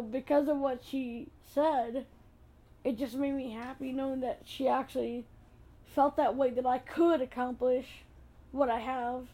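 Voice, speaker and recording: A woman with a high voice hosts her podcast in casual chat. She is chatty and gushing, with an excitable way of talking. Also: rough recording. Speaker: podcast host.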